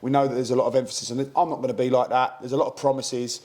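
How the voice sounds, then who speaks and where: A British man on a podcast, a co-host and football manager, telling animated stories and acting out quoted exchanges in casual chat. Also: mid-range voice, racing, hardly any pauses. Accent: British English.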